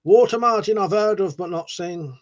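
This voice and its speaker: A man's voice: high-pitched, normal speed. A man hosting a casual live stream, rambling, swearing a lot and laughing as he reads out viewer comments. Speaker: livestream host.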